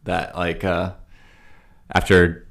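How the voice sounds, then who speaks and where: A man's voice: low voice, completely flat delivery, slow pace, creaky, a bit bright. A man co-hosting a podcast, chatting casually and easily, mostly with short agreeing replies. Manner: laid-back, brief agreeing replies. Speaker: podcast co-host. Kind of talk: casual chat.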